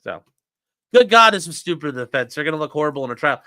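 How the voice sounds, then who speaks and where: A man's voice: on the high side, expressive, fast, bright, forceful tone, dry recording, studio quality. A man hosting a casual livestream, ranting sarcastically and with profanity while reading out and mocking legal filings. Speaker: host.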